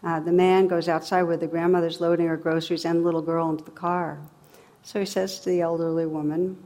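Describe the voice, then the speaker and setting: Woman giving a meditation talk, kinda low voice, dry sarcastic humor, chatty. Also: flat delivery, fairly quick, dark tone. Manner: conversational, dryly sarcastic, laughs often.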